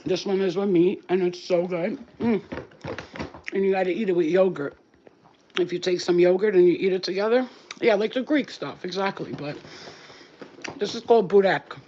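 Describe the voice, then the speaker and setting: A woman's voice: fairly low pitch, warm tone, dull audio, a little hiss or hum. A woman talking casually and earnestly into her phone, speaking straight to spirits and repeating her blessings with emphasis. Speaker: spiritual healer vlogger. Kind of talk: casual spoken message to spirits.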